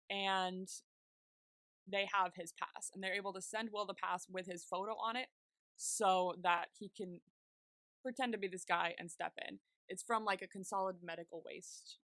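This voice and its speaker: A woman's voice: mid-range voice, steady tone, moderate pace, fairly bright tone, dry recording. A woman co-hosting a podcast, retelling TV scenes in casual chat and acting out the characters' lines with frequent laughter. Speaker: podcast co-host.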